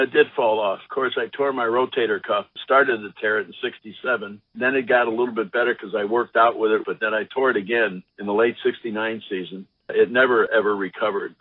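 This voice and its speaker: An older former ballplayer telling lively anecdotes in an interview, acting out the voices of the people he quotes. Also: on the low side, slightly rough, no room sound. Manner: animated anecdotes, acts out quotes. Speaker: former baseball pitcher, guest. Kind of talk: storytelling interview. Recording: dry, phone-like line.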